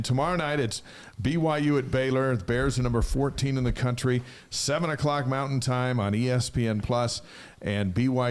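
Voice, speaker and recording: A man hosting a sports podcast, reading out game times and introducing guests. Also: medium pitch. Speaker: podcast host. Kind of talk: casual chat, reading schedule announcements.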